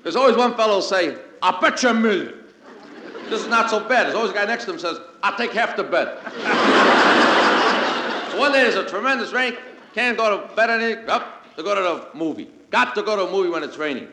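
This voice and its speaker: High-voiced comedian spinning a lively yarn. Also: male voice, noisy background. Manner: brisk anecdotal delivery acting out quoted characters. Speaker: stand-up comedian. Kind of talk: comic storytelling monologue. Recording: roomy 1951 radio broadcast with music.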